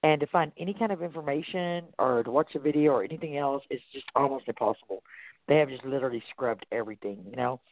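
A man's voice: mid-range voice, fast talker, no room sound. A man with a Texas accent hosting a talk radio discussion, reading articles aloud and commenting in a casual way. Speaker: radio host. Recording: tinny phone-like line, dry.

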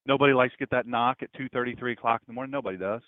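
A man's voice: mid-range voice, rapid-fire, no echo. Man preaching over a tinny, dry line. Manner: dramatic swings between loud and hushed. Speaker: pastor. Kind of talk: sermon storytelling.

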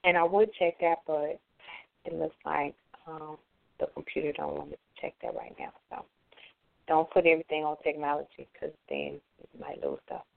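A woman hosting a casual chat show, relaxed and teasing as she wraps up. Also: sits low, normal speed, vocal fry. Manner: relaxed, teasing, laughs easily. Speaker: host. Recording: tinny phone-like line.

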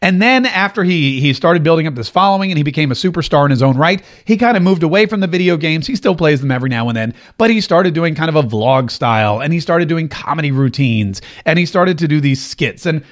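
A middle-aged man hosting an opinion talk show, talking in an animated, rambling way and often repeating himself. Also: a little high, quick pace, few pauses. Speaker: host.

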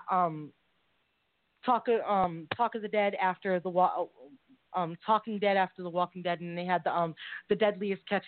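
A woman's voice: lowish voice, dry recording. A woman co-hosting a casual live call-in show, gushing and rambling with many fillers. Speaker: co-host. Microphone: call-in line. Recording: tinny phone-line sound.

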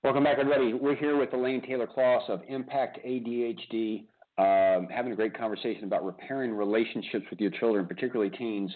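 A man's voice: medium pitch, steady tone, fast talker. A man hosting a radio interview show, talking casually and animatedly, with lots of restarts and repeated words. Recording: tinny phone-like line.

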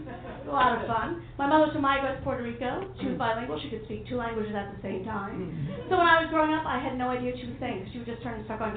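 A woman's voice: sits high, expressive, fast talker. A woman from New City, doing a stand-up comedy set with a brassy, playful manner and teasing the crowd. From New York City. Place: comedy club stage. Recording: echoey club, phone-like sound, crowd laughter. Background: audience laughing.

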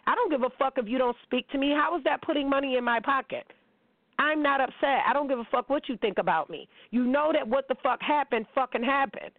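A woman's voice: high-pitched, fairly quick, no room sound. A middle-aged woman hosting a radio talk show, speaking in a blunt, profane, confrontational monologue. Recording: dry, narrow phone-like sound.

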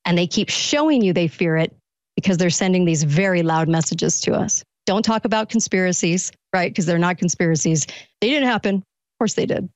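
A woman's voice: on the low side, moderate pace, no echo. A woman guest-hosting a political talk radio show, firing off one incredulous rhetorical question after another.

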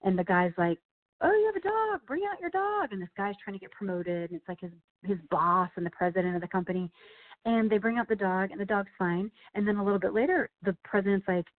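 Woman author guest, animated storyteller, mid pitch, phone-line sound. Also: fast talker. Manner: animated storyteller, many fillers like "you know" and "like". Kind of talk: casual interview chat. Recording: phone-like narrow band.

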